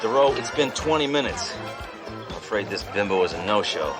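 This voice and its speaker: An actor playing a cocky, dimwitted police detective who talks in a gruff, blunt, deadpan way. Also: male voice, fairly low pitch, normal speed, music in the background, crowd noise, close to an everyday voice. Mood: impatient. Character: tough, cocky, dimwitted male cop.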